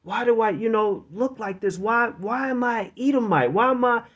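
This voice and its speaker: A preacher puts on a despairing, anguished Esau who questions his own nature in a plaintive, raised voice. It is pitched clearly higher than the speaker's usual tone and sounds tormented. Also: moderate pace, a bit bright, dull audio.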